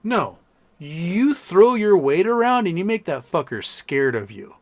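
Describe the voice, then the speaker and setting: A man's voice: sits high, very animated, a little slow. A man hosting a casual live stream, reading viewer messages aloud and answering them in a blunt, profane, mocking way.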